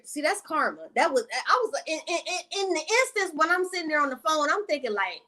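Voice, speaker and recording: High-voiced woman telling a profane storytime. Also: big pitch swings, a little fast, few pauses, pushed and bright. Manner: profane, rambling, with side tangents to viewers. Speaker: vlogger. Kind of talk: casual storytime monologue.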